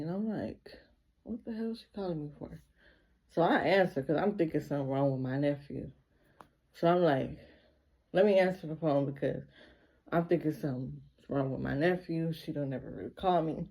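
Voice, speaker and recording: Sitting low in pitch with a dark, breathy tone, a female vlogger speaks at a moderate pace. Her casual personal story comes out emotionally, with "like" repeated again and again.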